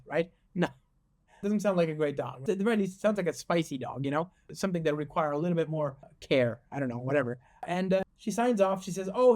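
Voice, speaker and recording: Man, slightly high voice, tutorial host, animated, joking, restarts sentences. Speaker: host and software developer advocate. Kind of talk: casual coding tutorial.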